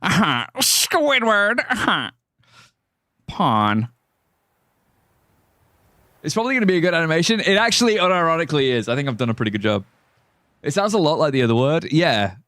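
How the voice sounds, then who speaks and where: Lively, joking male game streamer. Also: on the high side, very fast, dry recording, clean studio sound. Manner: rambling, joking, often laughing. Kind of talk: casual live-stream chat over gameplay. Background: faint music.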